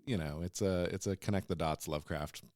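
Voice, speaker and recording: A man's voice: low-pitched, fairly even intonation, a little fast, darkish tone, dry recording, clean studio sound. A man co-hosting a podcast, retelling a story in casual chat and breaking into playful silly voices for the characters. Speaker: podcast co-host.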